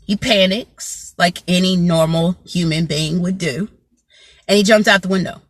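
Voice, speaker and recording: A woman's voice: on the low side, fairly even intonation, measured pace, no room sound. A woman telling a story to her viewers in casual chat, often asking "you know what I'm saying" and greeting people by name. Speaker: motivational vlogger.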